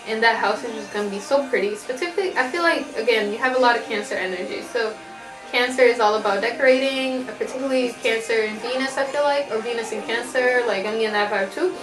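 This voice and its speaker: Higher-voiced woman, casual swearing tarot reader, echoey home room. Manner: profane, laughing, chatty. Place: home with family noise in background.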